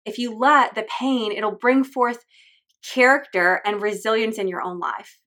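A woman's voice: a little high, unhurried, a bit bright. A woman hosting a faith-based parenting podcast, speaking in a heartfelt, openly emotional and earnest way. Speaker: podcast host.

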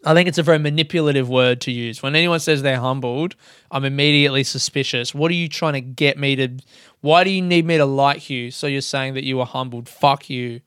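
A man's voice: medium pitch, fairly quick, a bit bright, clean tone, dry recording, studio quality. Sweary Australian man telling a story. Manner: sweary, self-mocking, laughs often. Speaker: podcast host. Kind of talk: casual storytelling monologue.

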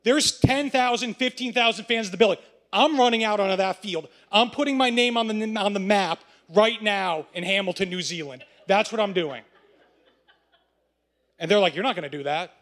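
A man from the United States telling a story live to an audience, excitable and profane. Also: high voice, normal speed. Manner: excitable, profane, laughing as he tells it. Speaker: storyteller on stage.

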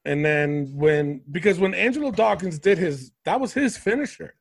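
A man's voice: high voice, moderate pace, creaky, husky, dry recording, studio quality. A man hosting a casual podcast chat, talking animatedly and swearing freely. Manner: animated, swears, mimics commentators. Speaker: podcast host. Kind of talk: casual wrestling review chat.

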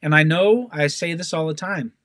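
A man delivers a fervent sermon in a notably high voice. He repeats key phrases and slips into pleading prayer. The sound is dry and close, with no room echo. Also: moderate pace. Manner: fervent, repetitive, prays aloud, swings between rising emphasis and quiet pleading. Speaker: preacher.

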